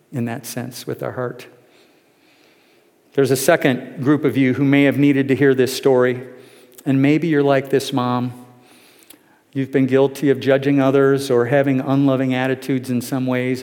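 A male pastor preaching a sermon, telling a story earnestly and emotionally, often dropping to a soft pleading tone. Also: medium pitch, big-room sound.

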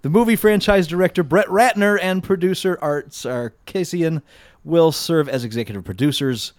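A man reading a news item on a podcast with a matter-of-fact delivery. His voice sits slightly high, and the sound is close and dry, with no room echo. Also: moderate pace. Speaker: podcast co-host.

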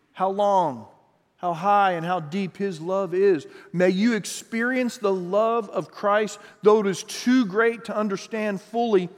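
A man's voice: sits high, in a large hall. A man preaching an earnest sermon, reading scripture aloud and stretching words for emphasis. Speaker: pastor.

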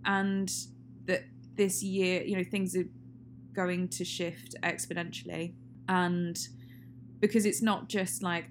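A woman's voice: on the low side, steady tone, unhurried. A woman co-hosting a casual film chat, rambling and laughing often. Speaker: podcast co-host. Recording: faint hum and noise.

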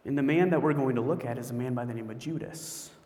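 A male pastor preaching a sermon in a conversational, storytelling way, with animated asides. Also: mid-range voice, fast. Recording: echoey hall with long reverb.

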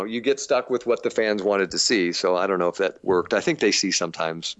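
A man's voice: fairly low pitch, no echo, lo-fi sound. Self-mocking middle-aged man, dry sound. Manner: self-deprecating, animated when quoting others. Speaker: actor. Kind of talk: casual interview talk.

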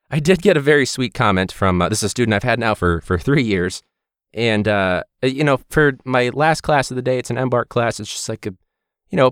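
A man who teaches and hosts a podcast, talking in a casual ranting monologue, sarcastic and animated, with loud mock outbursts. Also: medium pitch, dry recording, clean studio sound.

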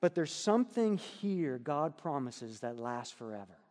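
A middle-aged man preaching a sermon and telling personal stories, earnest, dropping to soft hushed passages and lifting to emphatic ones. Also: fairly high pitch, sing-song, measured pace. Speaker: pastor. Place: church sanctuary. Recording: long reverb of a church hall.

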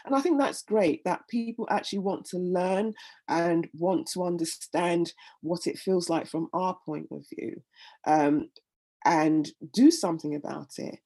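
A middle-aged woman appears as an interview guest, sharing her story in an earnest, heartfelt way and frequently repeating words while she collects her thoughts. She speaks a little slowly, her lowish voice dark in tone, in a candid personal conversation.

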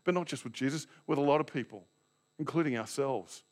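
A man's voice: mid-range voice, a little fast. A man preaching a sermon as a Baptist pastor, telling the story dramatically and acting out the scenes.

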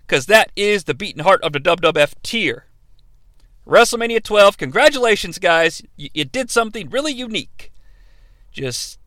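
Brief: high, crisp man in his thirties, sarcastic podcast host on a dry close mic. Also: pushed and bright, no room sound. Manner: playful, sarcastic, jumps into impressions. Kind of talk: comedic wrestling review podcast.

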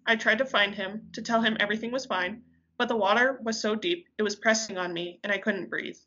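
Woman reading a book out loud, bright voice, dullish lo-fi audio. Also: mid-range voice, fairly even intonation, a little fast. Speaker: reader.

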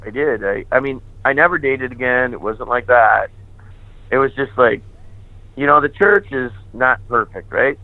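Animated priest, tinny phone-like sound. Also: male voice, mid-range voice, moderate pace, no echo. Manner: animated, candid, acts out remembered dialogue. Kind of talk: personal testimony storytelling.

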